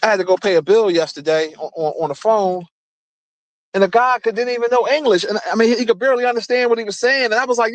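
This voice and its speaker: A man's voice: high voice, fast, no echo. A young man rambling to his viewers in a car, cursing freely and talking straight to them between stretches of driving. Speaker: streamer. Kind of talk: casual rambling chat while driving.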